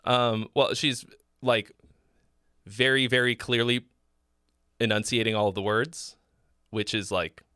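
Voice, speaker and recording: Male streamer-host, bright tone, dry close sound; casual, blunt song-critique delivery with fillers. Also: mid-range voice, steady tone, measured pace, long pauses, clean tone, no echo. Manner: frank and loose, swearing, many fillers and restarts. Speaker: host giving song feedback.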